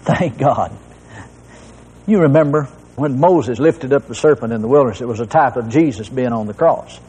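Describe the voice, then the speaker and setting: Preacher guy, lively up-and-down delivery, husky mellow tone, big hall echo. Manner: animated, swings high when stressing a point. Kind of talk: recorded sermon. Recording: long hall reverb.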